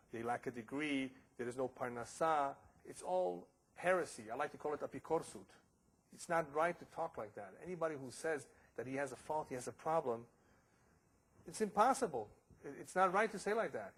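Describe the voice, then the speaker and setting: A man's voice: fairly high pitch, low-quality recording. A man giving a religious lecture as a rabbi, telling stories and sprinkling in Hebrew and Yiddish terms.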